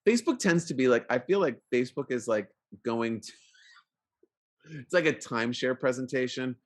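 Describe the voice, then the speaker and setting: A man's voice: mid-range voice, lively intonation, moderate pace. A man co-hosting a podcast in casual chat, rambling with lots of fillers and restarts. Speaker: podcast co-host.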